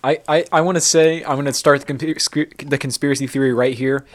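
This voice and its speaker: A man's voice: mid-range voice, fairly even intonation, a little fast. A man co-hosting a podcast in casual movie chat, joking and laughing often. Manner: jokey, laughs a lot. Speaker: podcast co-host.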